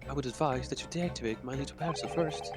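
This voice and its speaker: A man voicing a polite, smug gentleman criminal who has planted a bomb, reading game dialogue aloud. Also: mid-range voice, fast talker, loud music behind the voice, natural voice.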